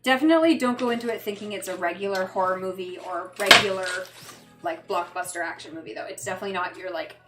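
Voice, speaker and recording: A fashion designer with a medium-pitched voice talks fast over music as she livestreams while working. She rambles casually and swears when frustrated, in an echoey room with background noise.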